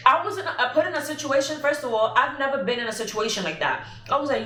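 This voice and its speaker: A woman's voice: high-pitched, animated, quick pace, pushed and bright. A young woman vlogger telling an emotional story in a casual, rambling way, with many fillers. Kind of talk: casual storytelling while eating. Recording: echoey room.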